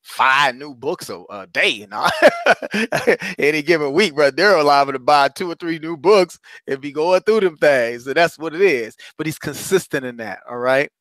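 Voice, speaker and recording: A man's voice: on the high side, lively intonation, moderate pace, fairly bright tone, no room sound. A man, hosting a motivational talk as a courage coach, calling listeners brothers and sisters and repeating phrases for emphasis.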